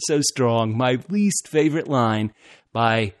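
A man co-hosting a casual fan discussion show, animated and laughing often, restarting his phrases as he talks. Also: mid-range voice, normal speed, dry recording. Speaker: podcast co-host.

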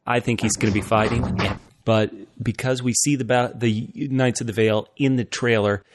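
A man co-hosting a casual fan discussion show, animated and laughing often, restarting his phrases as he talks. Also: mid-range voice, moderate pace, no room sound, clean studio sound. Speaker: podcast co-host.

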